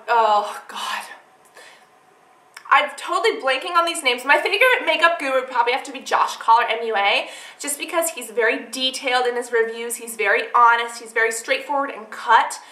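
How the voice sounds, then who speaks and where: A woman's voice: sits high, bright, forceful tone, roomy sound. A young woman vlogging casually to her viewers, rambling a little with fillers as she answers questions. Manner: chatty, rambling, many fillers. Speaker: beauty vlogger. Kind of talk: casual chat to camera.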